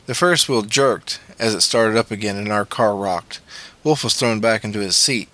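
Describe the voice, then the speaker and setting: Bright-voiced male audiobook narrator. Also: on the low side, normal speed.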